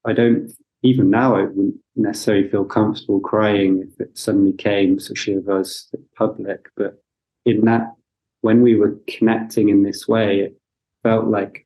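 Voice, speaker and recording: A male coach as a podcast guest, his voice low and mellow. He speaks reflectively, pausing and restarting as he searches for the right words. His tone stays thoughtful throughout. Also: little pitch movement, poor audio. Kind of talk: reflective conversation.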